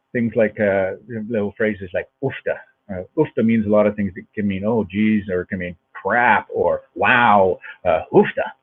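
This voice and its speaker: Husky man on a tinny video call. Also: fairly low pitch. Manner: rambling, many restarts and fillers. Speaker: actor and dialect coach, interview guest. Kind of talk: casual video-call interview.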